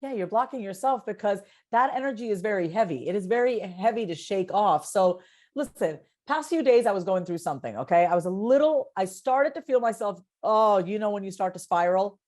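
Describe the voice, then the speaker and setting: A woman with a medium-pitched, brisk voice chats casually and energetically as a podcast guest. She's animated, often repeating words as she builds a point or gets excited, and she coaches herself out loud.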